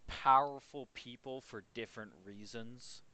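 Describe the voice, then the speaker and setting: A Canadian man co-hosting a podcast, chatting in a rambling, animated way. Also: mid-range voice, a little slow, dry recording. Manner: animated, rambling, full of fillers. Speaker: podcast co-host. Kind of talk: casual chat.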